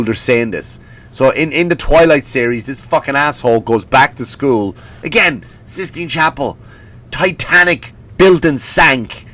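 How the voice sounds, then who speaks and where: A man in his forties hosting a comedy podcast, ranting with swearing and mocking impressions, a bit sniffly. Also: medium pitch. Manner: animated, profane, mocking impressions. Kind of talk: comedic rant.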